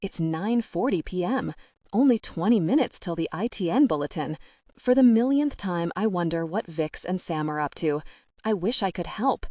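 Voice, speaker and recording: Lively, low-voiced woman narrator. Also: moderate pace, dry recording, clean studio sound. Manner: wry, conversational, expressive. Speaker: audiobook narrator. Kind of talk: first-person audiobook narration.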